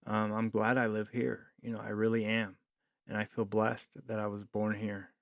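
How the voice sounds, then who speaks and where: Male podcast host, gravelly, close and dry; earnest, rambling solo commentary. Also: lowish voice, completely flat delivery, normal speed, no room sound. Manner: earnest, rambling with frequent fillers.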